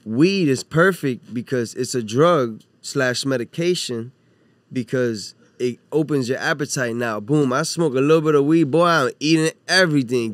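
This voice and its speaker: A man's voice: medium pitch, moderate pace, dry recording. A man from Cuba, a podcast guest in casual chat, loose and slangy with plenty of swearing.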